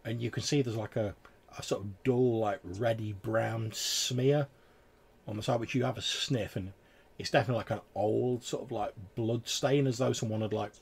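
Fields: gravelly man, rambling game master. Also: lowish voice, steady tone, normal speed, darkish tone. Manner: rambling, filler-heavy description. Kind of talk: narrating a tabletop game.

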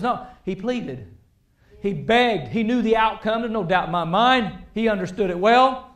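High-voiced preacher in an echoey church. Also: male voice, moderate pace. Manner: animated, rising and dropping between loud emphasis and quiet asides. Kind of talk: sermon.

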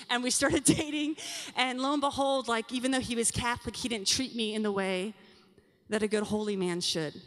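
Young woman conference speaker, high-pitched, animated and confiding, recorded on stage in a large hall with long reverb. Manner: animated and confiding, addresses the audience directly. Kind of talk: talk to a women's session at a youth conference.

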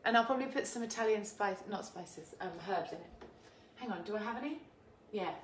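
Streaming live from her home kitchen, an English cooking show host talks briskly at medium pitch. She chats casually, laughs, and greets viewers by name. The recording captures an echoey kitchen with faint noise behind her.

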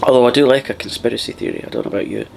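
A man hosting a soft-spoken ASMR chat, rambling and partly whispering as he talks. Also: medium pitch, racing, gravelly, a little hiss or hum. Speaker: ASMR channel host.

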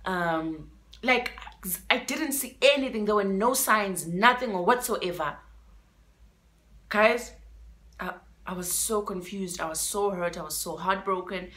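A woman's voice: medium pitch, unhurried, pauses often, a bit bright. Dramatic South African woman telling a story. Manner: emotional and dramatic, switching between English and isiXhosa; repeats words for emphasis. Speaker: vlogger. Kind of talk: story time vlog.

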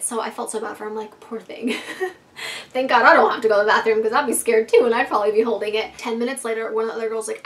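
A woman's voice: on the high side, fairly even intonation, brisk, far from the mic. A woman telling a story to her viewers in a casual vlog, chatty and full of "like", swearing freely and acting out what her friends said. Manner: chatty, heavy use of "like", swears freely, acts out quoted friends.

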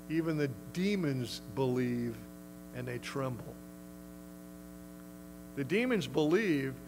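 Brief: male pastor, conversational and emphatic sermon delivery, somewhat high-pitched. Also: a bit bright, slight background noise, low-quality recording. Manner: emphatic, conversational, acts out quotes.

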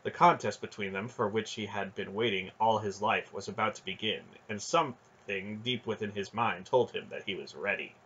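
Male audiobook narrator, low-ish, husky voice, dull lo-fi recording. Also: normal speed, few pauses. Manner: steady storytelling with occasional restarts. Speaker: audiobook reader. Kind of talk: fantasy novel narration.

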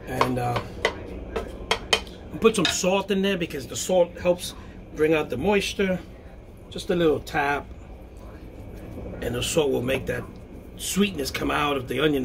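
Gravelly-voiced man chatting through a cooking demo. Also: a little high, background noise. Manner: chatty, thinks aloud, frequent okays and restarts. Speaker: home cooking video host. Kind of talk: casual cooking demonstration. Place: home kitchen.

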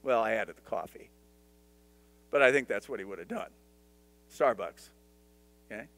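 A man's voice: mid-range voice, wildly swooping pitch, slow pace, vocal fry, pauses often, fairly bright tone, no room sound, faint music behind. A male pastor teaching a Bible study in a conversational way, with humorous asides and dramatized scripture voices.

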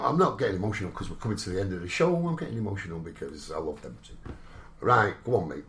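A man's voice: low-pitched, sing-song, racing, fairly bright tone, slight background noise. A man with a Salford accent hosting a community radio show in casual chat, with lots of "do you know what I mean". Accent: Salford, Northern English. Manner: chatty, working-class Northern speech with "innit" and "do you know what I mean".

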